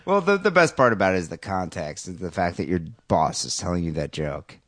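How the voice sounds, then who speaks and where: A man's voice: sits low, expressive, fairly quick, fairly bright tone, no room sound, clean studio sound. A man hosting a comedy podcast, joking and bantering casually. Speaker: podcast host.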